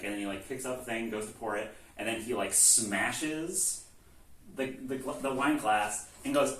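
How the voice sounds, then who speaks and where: A man's voice: mid-range voice, moderate pace, fairly bright tone, slight background noise. A man casually recapping a game's story, rambling with lots of "like" and swearing, and acting out the lines. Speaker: host recapping a video game series. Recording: echoey room, far from mic, faint ambience.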